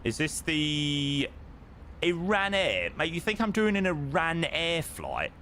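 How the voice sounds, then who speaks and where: Excitable streamer with a lively voice. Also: male voice, a little high, takes it slowly, a little hiss or hum. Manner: excitable, chatty, reacts loudly and greets viewers. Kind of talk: live-stream chat while playing a flight simulator.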